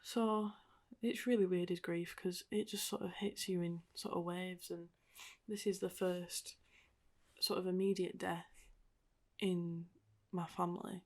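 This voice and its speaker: A young woman talks to her podcast listeners in a low, fairly level voice with a gravelly fry. She rambles gently and reflectively, leaning on "like" and "sort of" as she gathers her thoughts. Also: little pitch movement, measured pace. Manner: rambling and reflective, heavy use of "like" and "sort of" fillers. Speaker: podcast host. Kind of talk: personal podcast monologue.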